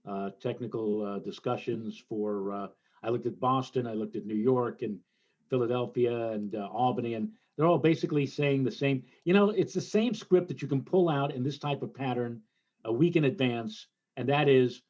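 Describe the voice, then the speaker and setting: A man's voice: mid-range voice, fairly even intonation, normal speed, a little mellow, lo-fi sound. A middle-aged man co-hosting a weather show, telling stories and mimicking other forecasters with exasperation. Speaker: meteorologist co-host. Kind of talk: casual weather talk.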